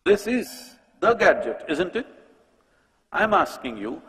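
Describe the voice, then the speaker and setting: A man giving a public talk at a conference. He is animated, asks rhetorical questions and speaks straight to the audience. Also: sits high, slow, slightly rough. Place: large conference hall. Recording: long hall reverb.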